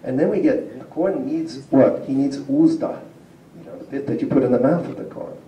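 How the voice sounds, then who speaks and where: A man's voice: mid-range voice, moderate pace, highs cut off, a little hiss or hum. A man giving a public linguistics lecture to a community audience, explaining patiently and asking the room questions. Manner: explanatory, asks the audience questions, chuckles often. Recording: roomy hall picked up from a distance.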